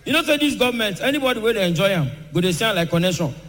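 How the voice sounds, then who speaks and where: A man with a Nigerian Pidgin accent doing stand-up, firing off quick jokey riffs on a live stage. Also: high-pitched, lively intonation, a bit bright. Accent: Nigerian Pidgin English. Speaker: stand-up comedian. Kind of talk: stand-up comedy set. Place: live comedy stage in a hall. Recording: live hall with long reverb.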